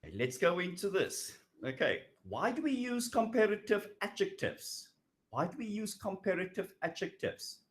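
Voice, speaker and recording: A man teaching an English grammar lesson in a recorded online class, who says "okay" often and repeats each word slowly. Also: high voice, sing-song. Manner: patient, repeats words slowly, frequent "okay".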